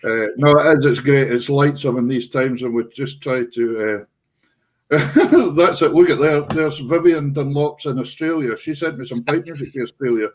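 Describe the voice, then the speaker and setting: A man's voice: mid-range voice, normal speed, poor audio. A man with a Scottish accent hosting a casual music show, full of effusive praise and thanks. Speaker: show host. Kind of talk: casual chat.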